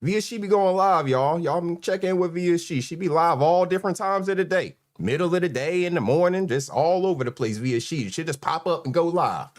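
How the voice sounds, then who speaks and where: A man with a North Carolina accent hosting a casual live stream, relaxed and chuckling as he greets viewers. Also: fairly high pitch, a little fast, few pauses. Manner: laid-back, chuckling, shout-outs to viewers. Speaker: livestream host.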